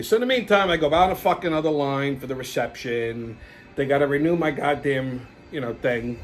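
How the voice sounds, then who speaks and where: A man hosting his own show, telling stories in a profane, exasperated, animated rant. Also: mid-range voice, a little fast. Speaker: show host. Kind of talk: casual storytelling rant.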